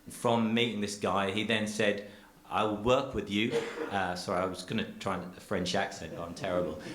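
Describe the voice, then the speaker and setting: Low-voiced British man, halting and earnest. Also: fairly even intonation, fairly bright tone, slight background noise. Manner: halting, many fillers and restarts, earnest. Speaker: dairy farmer and cheesemaker speaking at a public meeting. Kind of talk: public talk, unscripted. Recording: echoey room.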